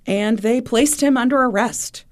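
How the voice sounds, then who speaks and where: A woman co-hosting a podcast, telling a true crime story in a casual, animated way and acting out what people said. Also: on the high side, measured pace. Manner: animated retelling, acting out quotes. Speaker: podcast co-host.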